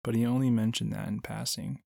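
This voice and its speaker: A man voicing a gentle, modest young fawn. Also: mid-range voice, little pitch movement, fairly quick, vocal fry, husky, dry recording, clean studio sound. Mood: curious. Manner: mild, earnest.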